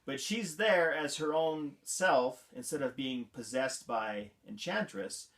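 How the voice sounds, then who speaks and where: A man's voice: medium pitch, slow, a bit bright. A man hosting a vlog, giving a casual movie review in an amused, incredulous manner and laughing often. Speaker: vlog host.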